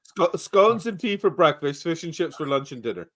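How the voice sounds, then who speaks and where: A man's voice: on the high side, sing-song, moderate pace, a bit bright. A man as a guest on a casual podcast, joking and self-deprecating. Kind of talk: casual chat.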